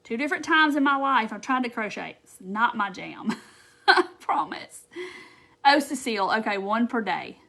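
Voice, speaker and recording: A woman's voice: on the high side, expressive, normal speed, creaky, bright, forceful tone. A woman hosting a casual craft live stream, chatting to viewers in a bubbly way with lots of fillers. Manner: chatty and bubbly, with frequent fillers and quoted asides.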